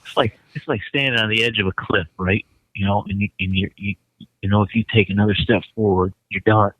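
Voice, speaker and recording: A man's voice: fairly low pitch, fairly even intonation, fairly quick, no echo, highs cut off. A man hosting a podcast, chiming in with crude, joking asides in casual chat. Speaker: podcast host. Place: studio.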